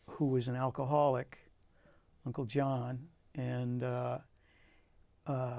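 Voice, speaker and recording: Reflective older man, gravelly and dry. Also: mid-range voice, no echo. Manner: earnest, reflective, with frequent restarts and soft asides. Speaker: poet guest. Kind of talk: personal storytelling in an interview. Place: community TV studio.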